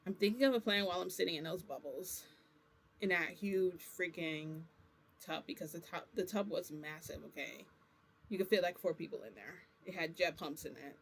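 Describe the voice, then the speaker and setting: A woman's voice: on the low side, moderate pace, husky. A woman vlogger casually telling a long personal story, rambling, with lots of "like" and restarts that correct herself. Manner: rambling, full of "like" and self-corrections.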